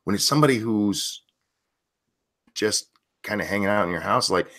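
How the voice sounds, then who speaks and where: A man's voice: on the low side, animated, moderate pace, bright, forceful tone. A man hosting a casual livestream chat, reading viewer comments and giving blunt, swear-laden opinions. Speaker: streamer host reading chat.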